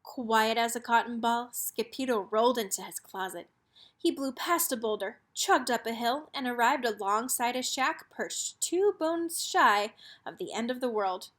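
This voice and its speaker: Expressive woman reading a picture book. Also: on the high side, a little slow. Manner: expressive, storytelling. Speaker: read-aloud narrator. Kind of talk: children's picture book read-aloud.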